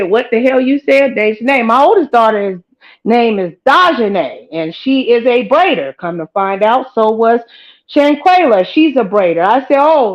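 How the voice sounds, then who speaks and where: A middle-aged woman hosting her own channel, rambling and preaching straight to her viewers in a casual, animated way. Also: on the high side, dull audio. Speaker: host of her own live-commentary channel.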